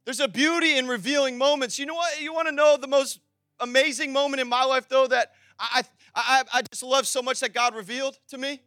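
Young male pastor, very high, bright voice, chatty sermon that builds to fervent exhortation, dry close sound. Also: fairly even intonation, a little fast, no echo. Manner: conversational preaching with acted-out dialogue, building to fervent exhortation.

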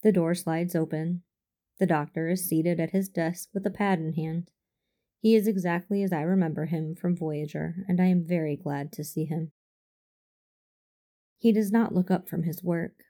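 Brief: woman narrator, first-person story, formal and restrained, gravelly mellow tone. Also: fairly low pitch, steady tone. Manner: measured, formal, restrained delivery. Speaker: audiobook reader. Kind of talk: first-person fan fiction reading.

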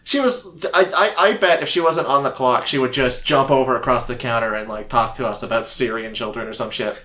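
A man's voice: medium pitch, a little fast. Laughing, profane male podcast co-host. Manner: laughs often, swears freely, animated storytelling. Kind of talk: casual chat.

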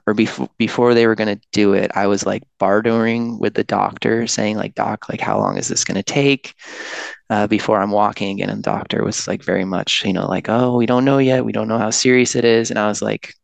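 Low gravelly man telling a story. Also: little pitch movement, normal speed, no room sound. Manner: laid-back, self-deprecating, many fillers. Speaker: podcast guest. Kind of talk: casual storytelling.

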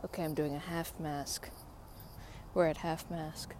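A woman around thirty talks slowly and loosely into a phone while walking outdoors in a park. Her voice is mellow and relaxed, her asides are wry and self-mocking, and faint outdoor noise sits behind her. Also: deep voice. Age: 30s. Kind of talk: casual vlog while walking a dog.

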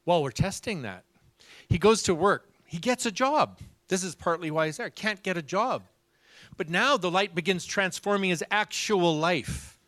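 A man preaching a sermon, animated, acting out the people in his stories. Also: sits high, moderate pace, dry recording. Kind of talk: sermon storytelling.

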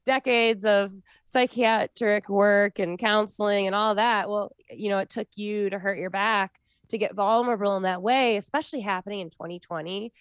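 A woman's voice: medium pitch, fairly even intonation, normal speed, clean tone, no echo. A woman in her thirties in casual chat, talking earnestly about spiritual ideas and often restarting her sentences. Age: 30s.

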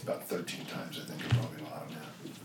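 An older man telling stories in a relaxed, rambling interview, with many restarts. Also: a bass voice, fast talker, gravelly, distant mic, faint music behind. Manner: rambling, lots of restarts and "you know". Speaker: strength coach and guest. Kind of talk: casual interview storytelling. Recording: echoey room, off-mic, faint ambience.

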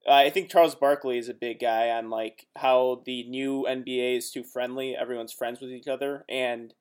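A man's voice: mid-range voice, flat delivery, normal speed, a little mellow, clean tone. Man, casual podcast chat, earnest, rambling, mid-range voice. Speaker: competitive powerlifter, guest.

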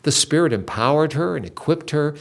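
A man's voice: on the high side, animated, a little fast, vocal fry. An older man hosting a Christian talk, earnestly retelling a story with dramatic emphasis. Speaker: Christian podcast host.

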